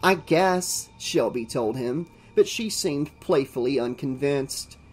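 A channel host reading a horror novel aloud in steady audiobook narration. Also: medium pitch, a little slow, husky, faint music behind. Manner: steady storytelling read.

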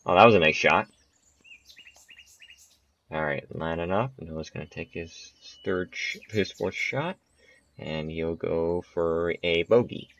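A young gaming channel host gives casual, chatty commentary on his own gameplay and laughs at his missed shots. His low-pitched, slightly bright voice moves slowly with long pauses, in a muffled, dry home recording.

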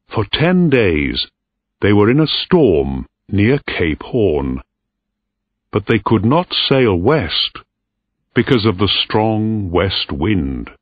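A man slowly narrating a simple story for English learners, reading it clearly. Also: fairly low pitch, no room sound. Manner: very slow, clear, lively intonation. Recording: dry tinny lo-fi recording.

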